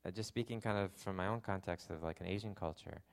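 A young adult male pastor with a deep, creaky voice talks fast as he preaches a conversational sermon. He jokes at his own expense and fills his speech with lots of fillers.

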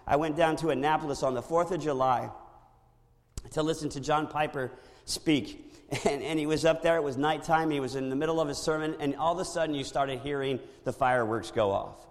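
A male pastor preaching a sermon in a church, animated and storytelling with impressions. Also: a little high, brisk, big-room sound.

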